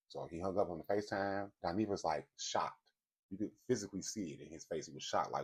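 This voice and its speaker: A man with a somewhat low, husky voice talks his viewers through a piece of celebrity drama. He speaks in a loose, conversational way, with plenty of swearing and blunt opinions along the way. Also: fairly quick. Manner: blunt, profane, conversational storytelling. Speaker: commentary host. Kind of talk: casual celebrity gossip commentary.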